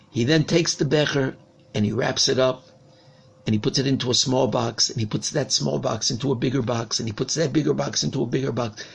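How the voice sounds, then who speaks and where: A man, a rabbi, giving a sermon and telling a parable with animated storytelling. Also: medium pitch, gravelly, slightly rough.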